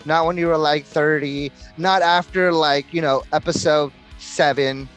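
A man's voice: on the high side, fairly even intonation, unhurried, soft background music. Ranting, foul-mouthed man co-hosting a podcast. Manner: loud, ranting, profane, full of mocking put-on quotes. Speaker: podcast co-host. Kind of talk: casual profane chat.

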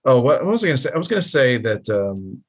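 A man's voice: medium pitch, big pitch swings, fast. A man co-hosting a podcast, rambling in a laid-back way and swearing casually. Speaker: podcast co-host. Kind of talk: casual chat.

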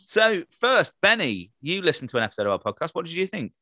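A man's voice: a little high, big pitch swings, fast talker, pushed and bright, no room sound. A man hosting a comedy podcast over a remote call, joking and rambling with lots of fillers. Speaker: podcast host.

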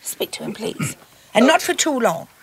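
An imperious, shrill rich lady. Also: sing-song, normal speed, fairly bright tone, exaggerated voice. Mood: furious, bossy. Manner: imperious, scolding, gushing to her lover. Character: haughty, theatrical rich older woman.

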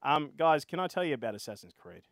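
An Australian man hosting a casual gaming podcast, out of breath and energetic. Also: a little high, fast, no room sound, clean studio sound. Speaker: podcast host.

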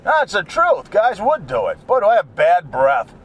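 Middle-aged guy rambling while he drives, really animated voice, grumbles at other cars. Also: sits high, moderate pace, husky. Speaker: vlogger. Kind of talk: casual chat while driving. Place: in a car.

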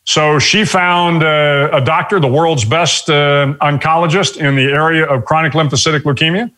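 An older man speaks in an interview, thoughtful and measured, often pausing to reach for the next word. His voice sits a little high for a man and rings bright and forward. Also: steady tone. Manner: measured, with frequent pauses and fillers. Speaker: guest. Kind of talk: reflective interview storytelling.

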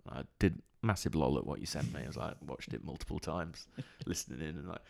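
A man in his thirties co-hosting a casual chat, telling stories with frequent laughs and quick impressions of people. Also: extremely low pitch, creaky. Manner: chatty storyteller, laughs often, mimics people. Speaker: podcast co-host.

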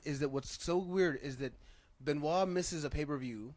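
A man's voice: fairly high pitch, normal speed, darkish tone, dry recording. A man co-hosting a casual podcast chat, laughing often and repeating words as he talks. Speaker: podcast co-host.

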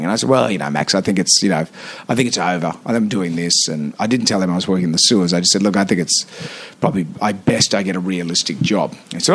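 A radio host in his fifties with an Australian accent appears as a guest in a podcast studio for a casual interview chat. He tells animated stories and restarts often, talking fast in a deep, husky voice.

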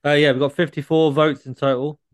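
Male co-host, smooth clear voice, dry close mic, chatty and giggly. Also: fairly high pitch, little pitch movement, a little fast, no room sound. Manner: laughing while recounting a story. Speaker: podcast co-host. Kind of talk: casual podcast chat.

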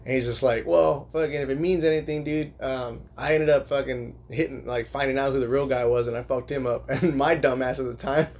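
A man's voice: medium pitch, fairly even intonation, fairly quick, hardly any pauses. A young man casually telling a long personal story, rambling with lots of fillers and frequent swearing. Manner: laughs while telling.

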